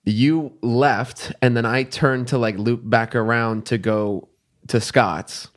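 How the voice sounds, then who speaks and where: A man's voice: mid-range voice, fairly even intonation, takes it slowly. A young man and podcast host in casual chat, telling a story in a rambling way with many fillers.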